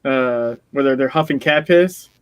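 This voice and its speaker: A man's voice: mid-range voice, measured pace, smooth, dry recording. A man co-hosting a podcast, chatting casually and rambling with frequent laughs. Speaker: podcast co-host. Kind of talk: casual chat.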